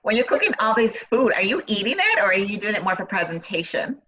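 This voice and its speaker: Woman co-host, bright husky tone, lively pitch, muffled call line. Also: fast talker. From Puerto Rico heritage. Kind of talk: casual chat.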